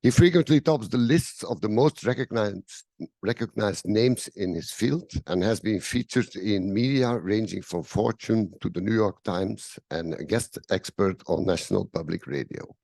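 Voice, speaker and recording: Guy reading a speaker intro, gravelly lowish voice, few slips, dry sound. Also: expressive, moderate pace, darkish tone, no echo. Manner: reads a bio aloud with slips and restarts. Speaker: session chair introducing the speaker.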